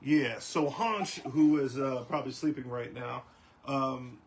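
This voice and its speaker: A man's voice: mid-range voice, measured pace. A man hosting a casual sports talk show, rambling along with lots of ums and restarts. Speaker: host.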